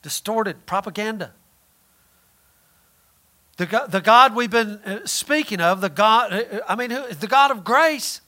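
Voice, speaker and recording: A man preaching a folksy, emphatic sermon, swinging between loud points and quiet asides. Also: high-pitched, lively intonation, measured pace, long pauses.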